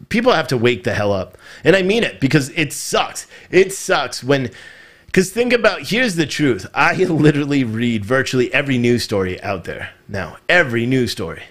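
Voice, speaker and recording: A man's voice: mid-range voice, a bit bright. A man hosting a live political commentary show, talking in a frustrated, rambling way and often repeating himself. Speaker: podcast host.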